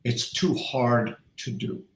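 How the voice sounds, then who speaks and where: A middle-aged man hosts a casual chat and tells stories with animated emphasis. His voice sits in a middle pitch. The room around him is echoey. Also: slow, vocal fry, slight background noise. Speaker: podcast host, doctor.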